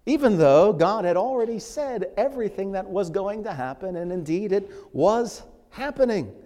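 A man preaching a sermon in a fairly high voice, leaning hard into the scripture he quotes. His words ring out with a long reverb through a church sanctuary. His delivery stays emphatic throughout. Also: lively intonation, moderate pace, mellow. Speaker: pastor.

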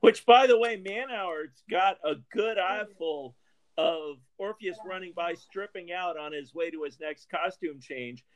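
High-voiced man making dry remarks. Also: measured pace, low-quality recording. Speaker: podcast co-host. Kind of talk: casual chat.

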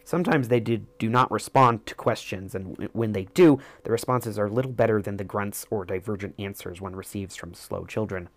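A man narrates a first-person story in a measured, reflective manner. His voice sits low, and the recording is dry and close with no room sound. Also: dry recording. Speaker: audiobook narrator.

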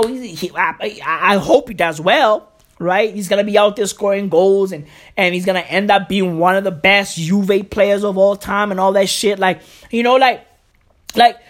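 A woman ranting comedically in loose, profane slang, full of fillers and restarts. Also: mid-range voice.

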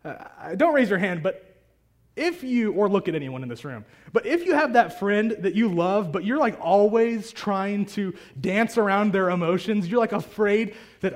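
Pastor, male, high tenor, casual animated sermon delivery to a live congregation. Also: moderate pace. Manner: conversational and animated, acting out prayers. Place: church hall with a congregation.

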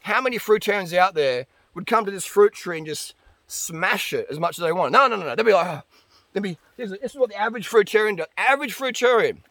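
A man's voice: high voice, animated, fast talker, fairly bright tone, no room sound. A man ranting bluntly and profanely about dieting as a vlogger. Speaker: diet and fitness vlogger. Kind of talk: ranting monologue.

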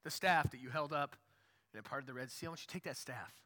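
A man voicing God as a calm, reassuring male provider who talks casually, in a low, hushed voice. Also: a little fast. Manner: casual, easygoing speech. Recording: long hall reverb.

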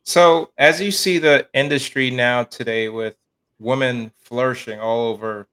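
Podcast man asking quick questions. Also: mid-range voice, steady tone, a bit bright, clean tone. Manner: brief backchannel replies and quick questions. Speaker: podcast host. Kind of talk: casual interview.

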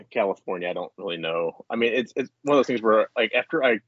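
A man's voice: fairly low pitch, animated, a little fast, no room sound, muffled recording. A man co-hosting a casual podcast chat at home, rambling with many restarts and frequent laughs. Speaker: podcast co-host. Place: indoors at home.

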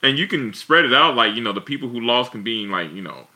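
A man's voice: medium pitch, animated, quick pace, bright, forceful tone. A man in a casual chat who talks in a loose, jokey way and stammers on repeated words.

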